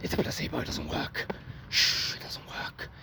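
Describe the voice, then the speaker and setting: A man voicing his own mind as a sly, coaxing inner tempter in a hushed whisper, with traffic noise around him. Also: normal speed, natural voice.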